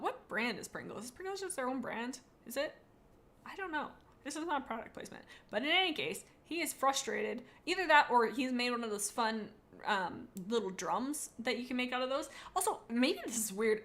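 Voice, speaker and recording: A bubbly woman with a fairly high voice, rambling cheerfully on a live stream. She reads viewer comments aloud, jokes around and gushes over pets in a playful, loose way. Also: fairly bright tone. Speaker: streamer rating viewers' cats. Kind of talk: casual live-stream chat.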